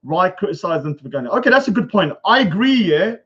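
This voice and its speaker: Man, livestream host, ranting, loud, confrontational, repetitive, high voice, dull lo-fi audio. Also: sing-song, fast talker, breathy edge. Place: indoors at a bungalow.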